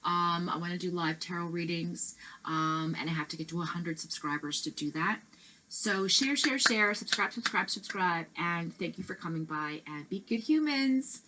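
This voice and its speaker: A woman's voice: fairly low pitch, moderate pace, bright, forceful tone, a little hiss or hum, poor audio. A woman reading tarot cards in a casual, chatty and reassuring way, with many fillers and restarts. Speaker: tarot reader.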